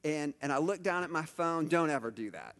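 A man's voice: a little high, animated, a little fast, fairly bright tone, big-room sound. A middle-aged man preaching a conversational sermon, telling stories with lots of asides and restarts. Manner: chatty storytelling, many asides and restarts. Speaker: pastor.

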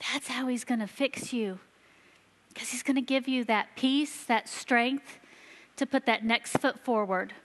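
A woman giving a sermon to a church, telling stories earnestly and slowing down for emphasis. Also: on the high side. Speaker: church children's ministry leader. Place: church sanctuary. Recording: long reverb of a large hall.

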